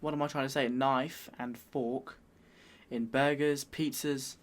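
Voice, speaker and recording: A man's voice: mid-range voice, a little slow. British man in casual reaction chat. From United Kingdom. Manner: relaxed, chatty asides, agreeing readily. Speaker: reaction video host.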